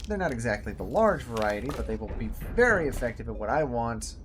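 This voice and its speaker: A man giving casual commentary while playing a game, chatty and talking to himself, now and then jumping up loud and high when excited. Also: quick pace, background noise. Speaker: gameplay video host.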